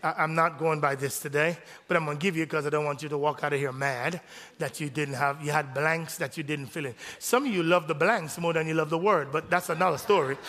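A male pastor preaching a sermon, rising to shouts on key phrases in call-and-response style, in a church sanctuary. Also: on the high side, fairly even intonation, a little fast, long reverb tail.

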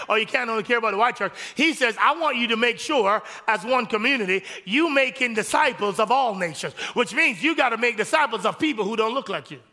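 A male pastor preaching a sermon, rising to shouts on key phrases in call-and-response style, in a church sanctuary. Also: very high voice, big-room sound.

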